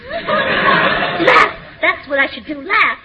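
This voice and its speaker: A woman's voice: high-pitched, a little hiss or hum. A woman in a 1940s radio comedy, playing a gushing, overwrought young wife welcoming her soldier home. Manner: overwrought, gushing, sobbing, then laughing. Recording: dull old radio recording.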